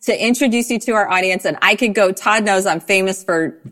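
A woman's voice: mid-range voice, a little fast, a bit bright. Female podcast co-host, effusive and gushing, laughs a lot. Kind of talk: enthusiastic guest introduction.

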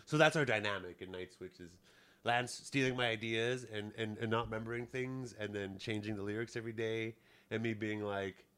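A man's voice: on the low side, fairly even intonation, brisk, a bit bright, clear, resonant tone. A man who plays in a band, telling a casual story in a rambling, profane way, often checking in with "you know what I mean". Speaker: musician.

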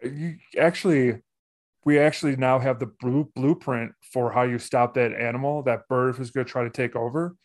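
A man hosting a podcast, introducing his guest and chatting casually in a friendly, slightly halting way. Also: mid-range voice, steady tone. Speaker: podcast host. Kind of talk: casual interview chat.

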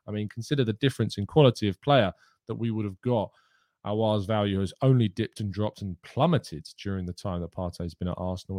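A man's voice: lowish voice, a little mellow, no room sound, clean studio sound. A man hosting a daily live football news show, chatty and opinionated as he reads out viewer questions. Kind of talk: live-streamed football chat.

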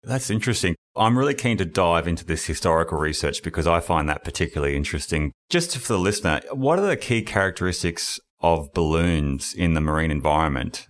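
A man's voice: low-pitched, animated, brisk, few pauses. A man hosting a casual podcast interview, talking in a rambling, enthusiastic way and often correcting himself mid-sentence. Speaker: podcast host.

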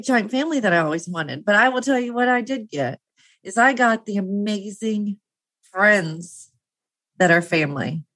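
A woman's voice: medium pitch, pushed and bright, no room sound. A woman in her fifties talking through a personal topic in a candid monologue. She rambles, laughs often and trails off to restart her thoughts.

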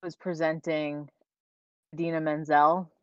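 A woman co-hosting a podcast in casual chat, blunt and quick to laugh, with the odd swear word. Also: low-pitched, little pitch movement, no echo. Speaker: podcast co-host. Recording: dull lo-fi recording.

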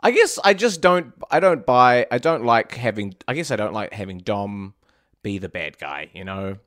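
A man co-hosting a casual movie podcast, sarcastic and quick to swear. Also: fairly low pitch, expressive, a bit bright, no room sound, clean studio sound. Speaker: podcast co-host.

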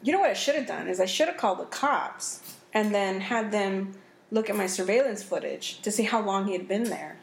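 A woman hosting a podcast in casual chat, telling stories in an animated, profane way. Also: mid-range voice, fairly quick, gravelly. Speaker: podcast host. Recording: echoey room with faint noise.

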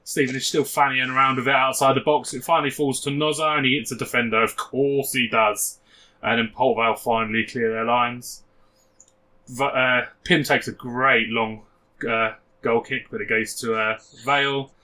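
A man's voice: medium pitch, level tone, moderate pace, bright, forceful tone. A man co-hosting a football podcast, chatting casually and doing joking match commentary. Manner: laddish, self-mocking. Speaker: podcast co-host.

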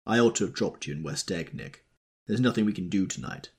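A man reading as a gruff, commanding rich man. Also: deep voice, animated, brisk, darkish tone. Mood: firm. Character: brusque, forceful wealthy man taking charge. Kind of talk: audiobook character reading.

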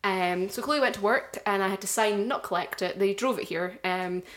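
A young woman co-hosting a podcast, telling an animated story with frequent laughter. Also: mid-range voice, normal speed. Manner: animated storyteller, laughs often, mimics others. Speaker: podcast co-host. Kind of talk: casual chat, storytelling.

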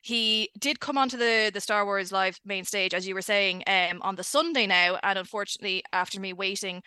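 An Irish woman chats easily as a podcast guest, spinning stories with a bright, clear tone and plenty of laughter. The sound is dry and close. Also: mid-range voice, fairly quick, hardly any pauses, no room sound. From Ireland. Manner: chatty storyteller, laughs often. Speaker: guest, editor. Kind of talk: casual chat.

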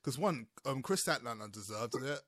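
A man co-hosting a casual podcast, talking in quick, rambling bursts with restarts. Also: medium pitch, animated, a bit bright, no echo, clean studio sound. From United Kingdom. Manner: rapid, rambling, with many restarts and laughs. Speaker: podcast co-host.

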